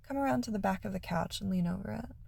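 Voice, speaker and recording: A woman voicing a domineering male holiday demon who gives commands, sometimes coaxing, in a husky, gravelly voice. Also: medium pitch, fast. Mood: stern. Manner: commanding, then softly coaxing.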